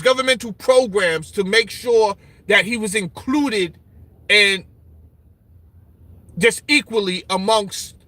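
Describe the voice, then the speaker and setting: Here a Brooklyn man with a very high-pitched voice, recorded without echo, replies to viewer comments. His opinion talk is casual, animated and mocking, full of repetition, especially the phrase "you understand?"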